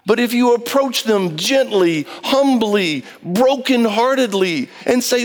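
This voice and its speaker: A man preaching a sermon in an impassioned, pleading way, swinging between high and low. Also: expressive, slow pace, few pauses.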